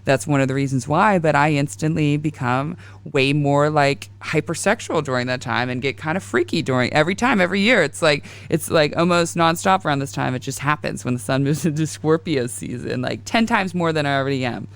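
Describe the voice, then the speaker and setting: A woman's voice: deep voice, brisk, creaky, few pauses, no room sound. A woman in her thirties hosting a casual astrology podcast, rambling and confessional as she tells stories. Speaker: podcast host.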